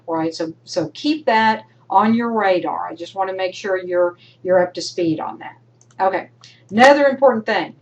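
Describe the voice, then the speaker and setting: A woman's voice: mid-range voice, dull audio, a little hiss or hum. A woman college instructor giving recorded feedback to her students, emphatic and coaching, sometimes acting out imagined student voices. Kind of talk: recorded lecture to online students.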